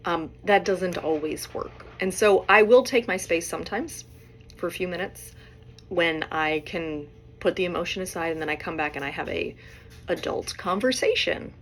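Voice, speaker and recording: A woman hosting a podcast, talking through relationship advice in a relaxed, conversational way and often checking in with "right?". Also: fairly low pitch, slight background noise. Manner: conversational, frequent "right?" tag questions. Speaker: podcast host and therapist. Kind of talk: casual advice monologue.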